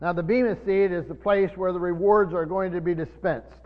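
A man preaching a sermon, teaching from the Bible in a halting way with many fillers and restarts, slowing down to stress key words. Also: sits high, fairly even intonation. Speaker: pastor. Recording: muffled sermon recording in a reverberant hall.

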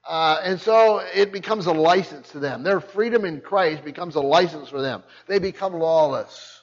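An older man preaching a sermon, emphatic, often repeating words and restarting his sentences. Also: moderate pace. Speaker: pastor. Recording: muffled low-fidelity recording.

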